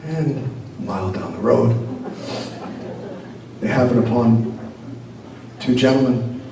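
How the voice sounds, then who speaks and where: A rabbi telling a teaching story in an animated way, with a few Yiddish words mixed in. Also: male voice, mid-range voice, slow, vocal fry. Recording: very echoey room, distant mic, noisy.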